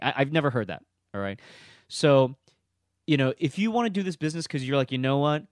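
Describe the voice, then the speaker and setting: Emphatic comedian man, lively pitch. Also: fairly quick, no room sound, studio quality. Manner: emphatic, repeats "okay?" to drive points home. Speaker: stand-up comedian giving advice. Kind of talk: casual direct-to-camera advice talk.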